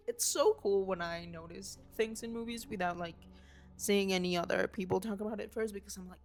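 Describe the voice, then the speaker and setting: A young woman vlogging at home, rambling excitedly and swearing casually about a film while waving a handheld mic. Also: medium pitch, normal speed. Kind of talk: unscripted excited movie rant. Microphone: handheld mic waved around.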